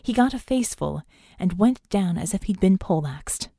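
A woman reading an action novel aloud in an even, steady storytelling way. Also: mid-range voice, moderate pace, creaky, no echo, studio quality. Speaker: audiobook narrator. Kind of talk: scripted narration.

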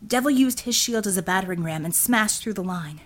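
A woman giving a steady, measured scripted audiobook narration. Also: medium pitch.

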